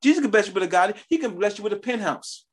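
A man doing a husky, coaxing devil tempter. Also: expressive, racing. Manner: coaxing, persuasive sales pitch. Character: smooth-talking male devil tempter.

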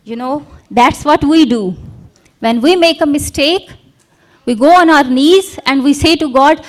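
A woman's voice: high-pitched, a little slow. A woman preaching a sermon, retelling a parable and acting out its characters. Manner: acts out parable characters with props and volunteers.

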